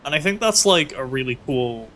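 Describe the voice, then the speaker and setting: A man's voice: fairly high pitch, animated, moderate pace, pushed and bright, a little hiss or hum. A man streaming a game, musing with lots of fillers and ranting theatrically with heavy swearing at enemies. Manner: musing, filler-heavy storytelling between bursts of frustration. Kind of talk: casual gameplay commentary.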